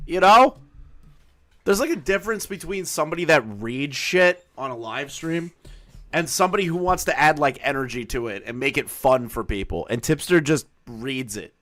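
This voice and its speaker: A man streaming a reaction, sarcastic and crude, swinging between flat and loud animated bursts. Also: mid-range voice, moderate pace, dry recording. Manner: crude, blunt. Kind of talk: live-stream reaction commentary.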